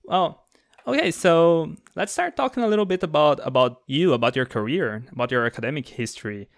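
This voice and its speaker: A man hosting a podcast and interviewing a guest in a friendly, lively way. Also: a little high, a little fast, gravelly, no echo, studio quality. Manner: friendly, lively, laughs easily. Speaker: podcast host. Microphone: remote call mic.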